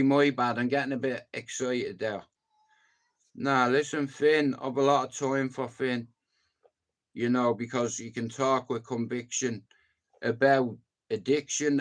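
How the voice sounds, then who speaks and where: A man with a Dublin Irish accent ranting in a casual vlog, swearing freely and swinging between loud bursts and low mutters. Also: fairly even intonation, a little slow. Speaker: YouTuber.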